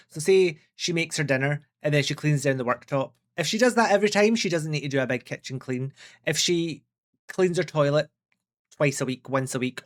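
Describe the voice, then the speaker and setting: Chatty Scottish man reacting to a show. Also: a little high. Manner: chatty, commenting over the clip. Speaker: video reaction host. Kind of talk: casual reaction commentary.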